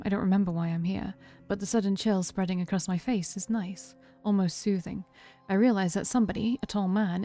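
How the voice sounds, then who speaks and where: A woman streamer reading a game's first-person narration aloud, steady and calm, with brief asides of her own. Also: medium pitch. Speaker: game streamer. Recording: faint music behind.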